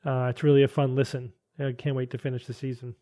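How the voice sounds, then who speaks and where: A man hosting a podcast, reading out quiz items clearly and briskly and chatting with his panel. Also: mid-range voice, flat delivery, mellow. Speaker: podcast host.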